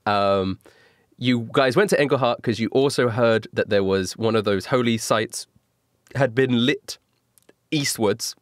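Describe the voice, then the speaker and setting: A man's voice: mid-range voice, measured pace, no room sound, clean studio sound. A man running a tabletop game as game master, recapping events in a casual, laughing way with fillers.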